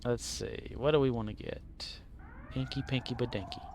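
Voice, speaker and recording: Male game streamer, mid-pitched, casual and rambling, joking and talking to himself. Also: steady tone, moderate pace, vocal fry, noisy background. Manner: rambling, jokey, mutters to himself. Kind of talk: casual live-stream commentary.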